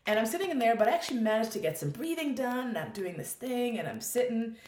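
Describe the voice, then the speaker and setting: A woman telling a candid personal story in a conversation, expressive and quick to swear, acting out her own thoughts as she goes. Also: a little high, echoey room, slight background noise. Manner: expressive, swears freely, acts out quoted thoughts. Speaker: guest.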